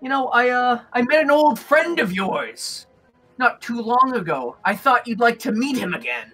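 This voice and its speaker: A man's voice: very high-pitched, sing-song, moderate pace, bright, forceful tone, soft background music, voice pushed up, exaggerated voice. A man voicing a cruel, bored, many-eyed male monster villain who gloats over his captives. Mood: gloating. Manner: gloating, mocking laugh.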